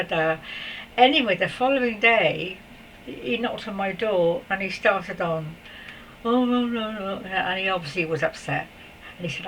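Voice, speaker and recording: An older woman telling a personal spiritual story in a chatty, rambling way, with soft laughs and asides. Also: medium pitch, recorded from a distance, poor audio. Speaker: spiritual vlogger. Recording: voice a little away from the mic, faint background noise.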